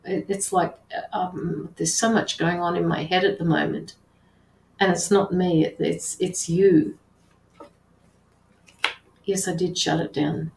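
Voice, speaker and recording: A woman working as a tarot reader and medium, relaying messages in an earnest, halting way with many restarts. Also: lowish voice, fairly even intonation, creaky, darkish tone, roomy sound, poor audio. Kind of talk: live intuitive reading.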